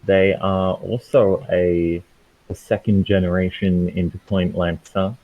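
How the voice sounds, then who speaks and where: A man playing in an online tabletop game, describing his character in a hesitant, halting way with many restarts. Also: sits low, level tone, no echo, narrow, tinny audio. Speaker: player. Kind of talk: casual tabletop game chat.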